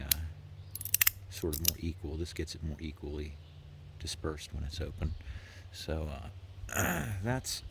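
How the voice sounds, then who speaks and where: Middle-aged man, very low voice, unhurried reviewer full of "uh"s, noisy room tone. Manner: rambling, relaxed, many fillers. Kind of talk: casual product review. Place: indoors near a window.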